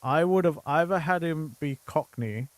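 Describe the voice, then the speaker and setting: A man's voice: fairly high pitch, normal speed, no room sound. A man streaming a game, chatting casually and rambling with lots of fillers, slipping now and then into mock accents. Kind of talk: casual chat while gaming.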